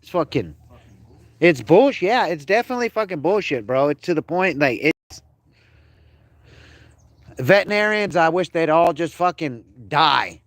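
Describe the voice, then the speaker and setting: A man's voice: on the high side, sing-song, normal speed, pauses often, no echo. Heated, profane man on a livestream. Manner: profane, heated, rambling storytelling. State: grieving, upset. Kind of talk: casual livestream rant. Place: outdoors in his yard.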